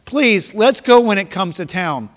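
A man's voice: sits high, animated, unhurried, a bit bright, pitched above the performer's own voice. A man voicing a young boy begging his father, in a reverberant hall. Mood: pleading. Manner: begging, wheedling. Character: eager young boy pleading with his dad.

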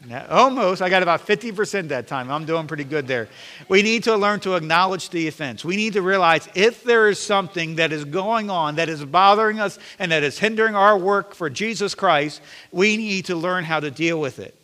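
Bright-voiced preaching pastor, man. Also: high voice, lively intonation, normal speed. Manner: earnest preaching with self-deprecating jokes. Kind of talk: sermon. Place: church sanctuary. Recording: long reverb of a church sanctuary.

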